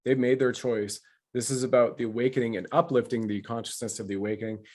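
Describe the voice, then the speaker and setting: Canadian male host, mid-pitched, preachy and emphatic, loves wordplay. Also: steady tone, fast, a little mellow. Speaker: show host. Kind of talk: casual interview talk.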